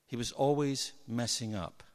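A man preaching a sermon, telling Bible stories with lively energy and acting out the people in them. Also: medium pitch, normal speed. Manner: animated storytelling, acts out Bible figures. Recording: long hall reverb.

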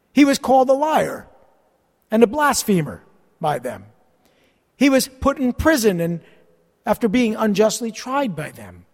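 Sarcastic pastor, high voice. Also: male voice. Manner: reads scripture aloud with sarcastic asides. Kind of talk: sermon, Bible study. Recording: long hall reverb.

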